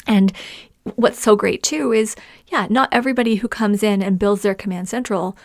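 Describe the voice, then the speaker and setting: A woman hosting a solo podcast, talking with bright enthusiasm, often laughing as she shares listener stories. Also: mid-range voice, steady tone, moderate pace, dry recording, clean studio sound. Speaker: podcast host. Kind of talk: casual solo podcast talk.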